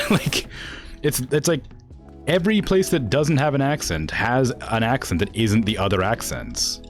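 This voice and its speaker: A game streamer with a northwestern US accent chats casually while gaming, rambling with lots of fillers and laughing asides. His mid-range voice moves at a measured pace, with faint music in the background.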